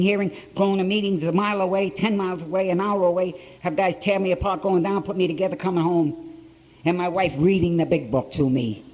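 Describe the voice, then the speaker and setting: A man's voice: high voice, darkish tone, rough recording. An older man with an Ohio accent telling a blunt, repetitive story to a conference audience. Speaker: speaker at a recovery conference. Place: conference hall, live talk to an audience.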